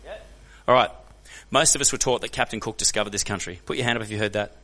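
An Australian man telling stories as a guest speaker to a church crowd, animated and joking, often putting questions to the audience. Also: fairly low pitch, very fast. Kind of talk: energetic storytelling talk to a church audience. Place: church hall.

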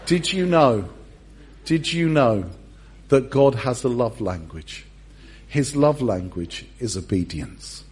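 A man's voice: medium pitch, takes it slowly, a little hiss or hum. A middle-aged man preaching a humorous sermon in a church, telling stories with self-mocking jokes. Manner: animated, self-mocking storyteller. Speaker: pastor.

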